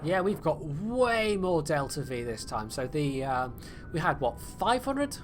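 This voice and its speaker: Very animated but measured in pace, a British streamer with a slightly high voice chats his way through a game live. Faint music runs behind his rambling, filler-heavy commentary and wry, self-mocking humor.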